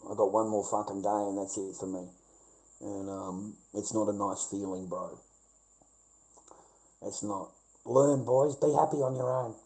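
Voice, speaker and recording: A man's voice: lowish voice, measured pace, gravelly, long pauses, dark tone, low-quality recording. A middle-aged Australian man ranting on his live stream, swearing heavily and calling the listener "mate". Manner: swears heavily, says "mate" a lot, mocking laughs. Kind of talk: casual ranting monologue.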